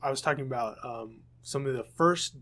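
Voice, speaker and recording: A man's voice: mid-range voice, fairly quick, bright, forceful tone. A young American man co-hosting a casual podcast. He rambles along in an ordinary middle-range voice, correcting himself mid-sentence and scattering ums through his talk. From United States. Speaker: podcast co-host. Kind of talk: casual chat.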